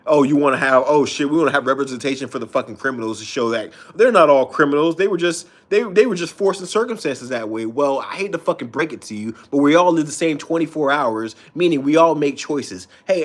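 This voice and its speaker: Heated, cursing man ranting on stream. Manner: profane, heated, rapid swings up and down in pitch. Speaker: live streamer reading comments. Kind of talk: unscripted ranting.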